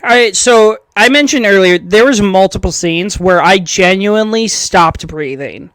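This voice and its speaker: Young male co-host, high-pitched, dry close sound, eager slangy chatter. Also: clean tone, dry recording. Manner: excitable, slangy, fast bursts. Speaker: podcast co-host. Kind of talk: casual chat.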